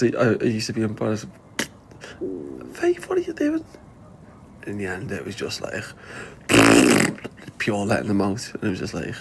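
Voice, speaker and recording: A man's voice: lowish voice, creaky, a little hiss or hum. Rambling Liverpool man, swearing and laughing. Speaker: livestreamer. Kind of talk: casual livestream chat.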